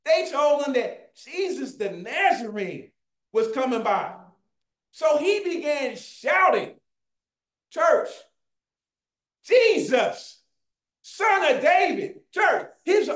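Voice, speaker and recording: Fervent preacher, high voice, shouts and calls to the congregation; roomy church sound. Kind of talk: sermon. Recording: echoey room.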